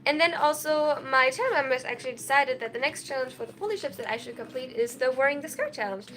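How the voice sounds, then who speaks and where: A young woman chatting casually on a live stream, reading and answering chat messages in an excitable, tired way from a small dorm room. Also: high voice, fast talker, noisy background. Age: young adult. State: sleep-deprived, tired.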